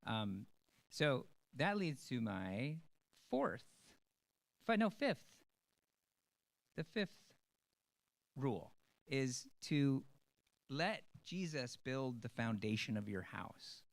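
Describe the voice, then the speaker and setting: A man, a stage actor, giving an earnest, rambling personal talk to an audience, with many pauses and ums. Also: medium pitch, sing-song, vocal fry.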